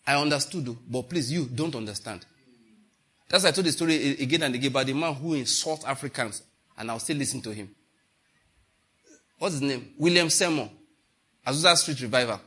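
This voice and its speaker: A man's voice: on the high side, moderate pace, pauses often, breathy edge. A male preacher delivering a sermon, telling stories and acting out quotes with laughter. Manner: animated, storytelling with laughter and acted-out quotes.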